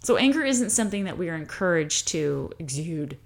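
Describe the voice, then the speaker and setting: An American woman talks through her subject in a relaxed, unscripted monologue. Her voice sits a little low, yet she is lively and jumps up in pitch whenever she mimics what others might say. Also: a little fast, gravelly. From United States. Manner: animated, acts out quoted voices with pitch jumps. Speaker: host talking about high sensitivity. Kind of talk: casual explanatory monologue.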